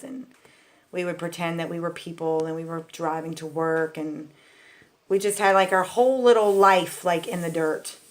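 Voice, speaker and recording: A woman with a slightly low voice tells stories from her childhood in a loose, chatty vlog manner. She rambles and fills her sentences with "like" and "um". She talks candidly, straight to her viewers. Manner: rambling, full of "like" and "um" fillers. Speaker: vlogger. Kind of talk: casual storytelling.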